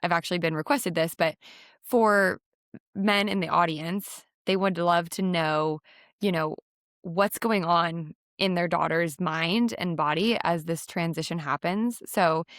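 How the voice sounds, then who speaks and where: A woman's voice: lowish voice, a little slow, fairly bright tone, dry recording, clean studio sound. A woman hosting a podcast, asking long framing questions and affirming her guest often. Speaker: podcast host. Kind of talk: interviewing a guest.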